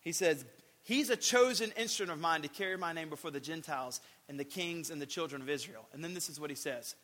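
A man preaching a sermon, animated, acting out quoted voices and shouting for emphasis. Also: a little high, fast talker. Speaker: pastor. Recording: long hall reverb.

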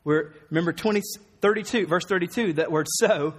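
A man's voice: high-pitched, brisk, husky. Earnest male preacher in an echoing hall. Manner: earnest, emphatic, with wry asides. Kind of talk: sermon. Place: church hall.

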